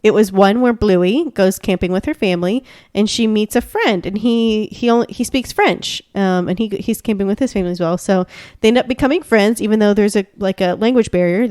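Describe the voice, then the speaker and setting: A woman's voice: mid-range voice, a little mellow, smooth, no room sound, clean studio sound. A woman co-hosting a podcast in casual chat, gushing and rambling with lots of fillers. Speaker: podcast co-host.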